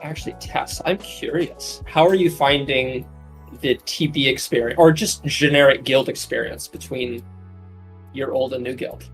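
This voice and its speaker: Laid-back male voice-chat guest, mid pitch, faint music under. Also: moderate pace. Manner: relaxed, hesitant with fillers. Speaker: guest tool developer. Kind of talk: casual voice-chat talk.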